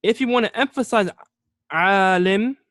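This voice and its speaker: A man teaching an Arabic lesson, explaining words step by step, repeating key terms slowly and often checking in with "okay?". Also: high voice, a bit bright, no echo, clean studio sound. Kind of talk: classroom lesson.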